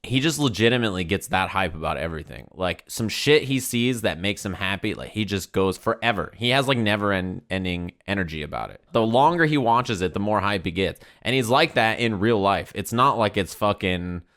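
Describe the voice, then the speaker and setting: A man with a somewhat low voice talking casually to his stream audience. He rambles through an anecdote, swearing freely as he goes. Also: animated, a little fast, few pauses, fairly bright tone. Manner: profane, rambling storytelling. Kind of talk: casual chat.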